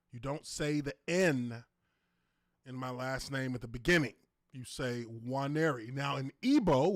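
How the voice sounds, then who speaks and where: A man, a former pro lineman hosting a casual livestream Q&A, telling stories with loud laughs, exclamations and profane asides. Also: mid-range voice, no echo, clean studio sound.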